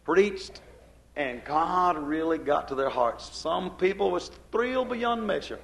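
A man's voice: fairly high pitch, lively intonation, a little slow, creaky. An older man preaching a sermon, emphatic, with a rising and falling preaching cadence.

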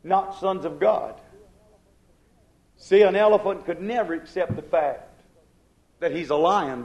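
A man's voice: fairly high pitch, darkish tone. An older man preaching a sermon, emphatic, with a rising and falling preaching cadence.

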